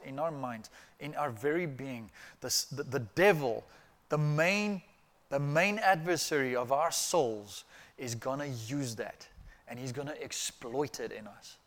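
A man's voice: mid-range voice, unhurried. A pastor giving a sermon in a conversational, emphatic way, repeating points for stress and checking in with his listeners.

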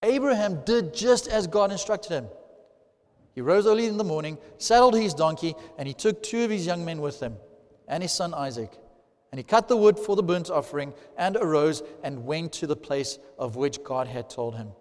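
A man preaching a sermon, animated and swelling loudly to stress key points, recorded in a large hall. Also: a little high, normal speed. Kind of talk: sermon teaching. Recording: long hall reverb.

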